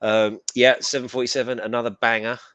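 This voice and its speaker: A man's voice: mid-range voice, flat delivery, a little fast, fairly bright tone, clear, resonant tone, no room sound, dull audio. A middle-aged man co-hosting a live stream, chatting in a rambling, casual way. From England. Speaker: co-host.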